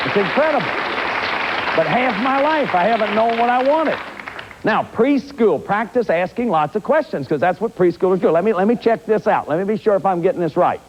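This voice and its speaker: A therapist and lecturer in his fifties gives a self-help lecture in a high-pitched voice, with a little hiss or hum. He's animated, acting out examples and often restarting his sentences, on a dull lo-fi recording.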